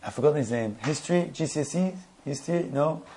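A man telling a story in a sermon, halting and repeating words, building to emphatic questions. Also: a little high, lively intonation, warm tone.

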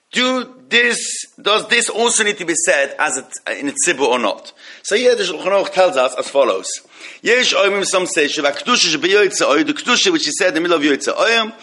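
A man giving a halacha class, reading Hebrew passages quickly and then explaining them in English, often repeating himself. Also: fairly high pitch, bright, forceful tone. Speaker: Torah teacher.

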